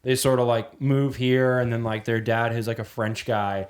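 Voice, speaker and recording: A man's voice: medium pitch, little pitch movement, moderate pace. A man co-hosting a podcast, chatting casually and throwing in sarcastic jokes. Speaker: podcast co-host. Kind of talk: casual chat.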